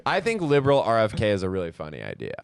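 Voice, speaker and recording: A man's voice: fairly low pitch, wildly swooping pitch, very fast, creaky, clear, resonant tone, no room sound. A man co-hosting a comedy podcast, chatting casually and teasing his friends. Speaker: podcast co-host.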